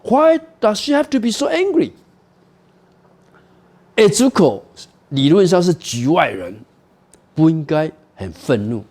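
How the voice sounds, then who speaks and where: Slow, animated male lecturer. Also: fairly high pitch. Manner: explanatory, with frequent "you know" and "okay?" asides. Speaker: university literature lecturer. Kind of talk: recorded university lecture.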